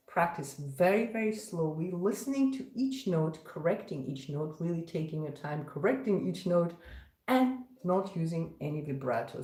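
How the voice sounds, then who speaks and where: A woman's voice: low voice, dark tone. Patient woman violin teacher, roomy echo. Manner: patient, explains step by step between playing. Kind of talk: live-streamed music lesson. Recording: roomy echo, violin playing around speech.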